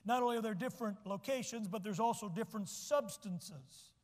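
A man, preaching a sermon as pastor, folksy, joking asides and repeating his points slowly. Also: sits high. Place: church sanctuary. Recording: long church reverb.

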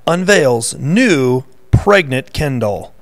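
Playful gravelly man hosting a quiz. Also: mid-range voice, animated, takes it slowly, dry recording. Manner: playful, teasing, reads headlines aloud. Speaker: podcast co-host. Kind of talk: casual chat, quiz game.

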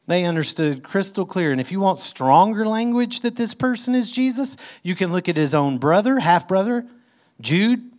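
A man's voice: very animated, moderate pace. Emphatic, conversational male pastor. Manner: conversational teaching, reads scripture aloud and explains it; emphatic swings in pitch and loudness. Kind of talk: sermon.

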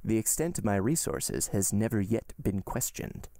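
A man's voice: fairly low pitch, sing-song, normal speed, vocal fry, mellow, dry recording, studio quality. A man voicing a haughty, purse-proud banker baron in an audiobook reading, stiffly and arrogantly polite. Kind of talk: audiobook character voice.

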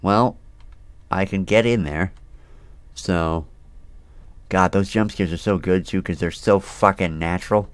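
In casual horror game commentary, a man mutters to himself as he plays, startling easily, cursing and laughing nervously. His low-pitched voice is clear and resonant, a little slow with long pauses, and there is no room sound.

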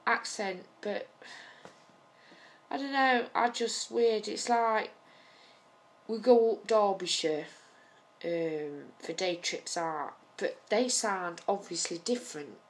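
Slow-talking Nottingham woman, rambling. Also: medium pitch. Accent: Nottingham English. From Nottingham, England. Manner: rambling, hesitant with many ums. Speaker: vlogger. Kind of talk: casual to-camera chat.

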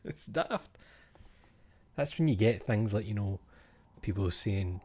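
A man's voice: on the low side, sing-song, slow pace, long pauses, fairly bright tone, breathy edge. A Scottish man streaming, chatting casually with his viewers, blunt and freely swearing with chuckling asides. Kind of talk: casual chat with live chat.

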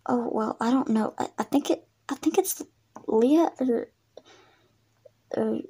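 A woman voicing a gentle, vague mother in a toy animal roleplay video, hesitant and trailing off. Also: fairly high pitch, unhurried, slightly rough.

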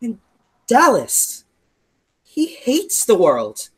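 A teenage student actress reading a sensitive, quick-tempered greaser boy over a video call, earnest and prone to outbursts. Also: on the high side, wildly swooping pitch, breathy edge, heavily acted. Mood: brooding. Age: teens. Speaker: student actor. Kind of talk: school play read over a video call.

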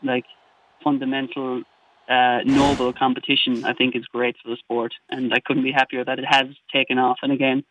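Irish man, phone-line sound, flat delivery, chatty, self-deprecating guest. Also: medium pitch, normal speed, background noise. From Ireland. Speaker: guest commentator. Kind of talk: phone interview. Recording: tinny dry phone line.

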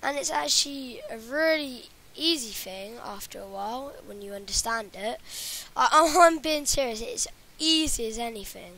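A woman's voice: fairly high pitch, expressive, moderate pace, hardly any pauses, pushed and bright. A woman talking over her gameplay in a rambling way, often dropping into whispers. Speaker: gaming channel host. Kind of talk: gameplay commentary.

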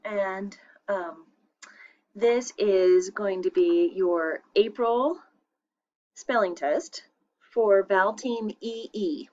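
A woman teacher giving a spelling test to young children, saying each word slowly and clearly and repeating it. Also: medium pitch, darkish tone, dull audio.

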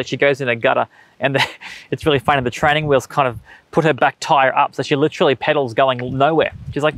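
A man's voice: medium pitch, a bit bright, no echo. Earnest Australian male pastor, dry sound. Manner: conversational, earnest preaching with storytelling. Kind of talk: sermon. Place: church stage.

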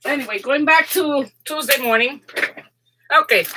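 A middle-aged woman hosting a live crafting stream, chatting casually and excitedly with her viewers, laughing often, her voice rising high when she gets excited. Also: a little slow, background noise. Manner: excitable, giggly, chatty, talks to viewers in chat. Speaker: crafting channel host.

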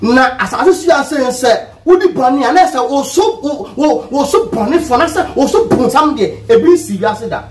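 A man talking animatedly in a casual chat about religion, laughing, stuttering over words and breaking into shouts. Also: very high-pitched, normal speed, few pauses. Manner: excitable, often laughs and shouts, restarts words. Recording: echoey room from far off.

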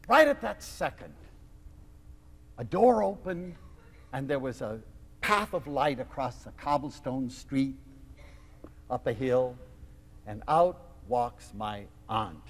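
A man lecturing to an audience, his voice swooping high and low as he acts out a personal tale. His delivery is theatrical and expressive, and his pitch sits on the high side. Long reverb from the lecture hall trails every phrase. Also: unhurried. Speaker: lecturer on love.

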